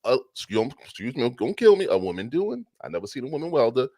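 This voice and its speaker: A man hosts an interview with quick, bouncing speech and easy enthusiasm. His voice sounds close and dry, with no room around it. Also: mid-range voice, big pitch swings, warm tone, dry recording. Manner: enthusiastic, informal reactions. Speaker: podcast host. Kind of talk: casual chat.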